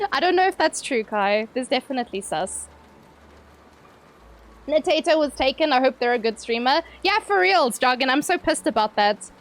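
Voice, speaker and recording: A young woman with a high, bright-pitched voice chatting live with her stream audience. She talks in a loose, playful way, tossing out swear words and breaking into laughs. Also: sing-song, moderate pace, long pauses. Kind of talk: casual live-stream chat with viewers.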